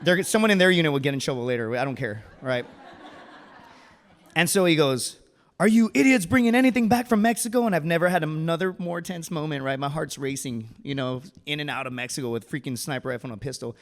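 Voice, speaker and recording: A man's voice: mid-range voice, brisk. Casual man telling a story on stage. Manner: casual, animated, says dude and right a lot. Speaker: Marine veteran storyteller. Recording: long hall reverb.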